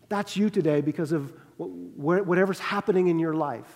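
A middle-aged man preaching a sermon as pastor, conversational and humorous, with lively asides. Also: fairly high pitch, brisk. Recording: long reverb of a large hall.

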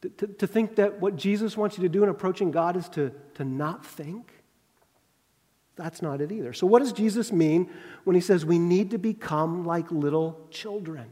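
A middle-aged man preaching a sermon as pastor, conversational and humorous, with lively asides. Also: high-pitched, normal speed. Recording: long reverb of a large hall.

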